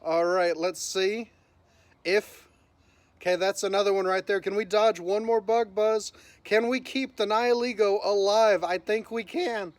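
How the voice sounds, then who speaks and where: A man's voice: sits high, fairly even intonation, unhurried, no echo. A man hosting his gaming channel, giving upbeat live commentary and narrating each move as it happens. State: voice cracking from early morning.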